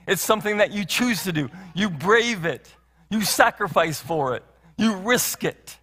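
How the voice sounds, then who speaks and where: A man's voice: high voice, expressive, moderate pace, a bit bright, husky. A male pastor preaching a sermon in a church, earnest, with many rhetorical questions and repeated phrases. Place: church sanctuary. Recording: long hall reverb.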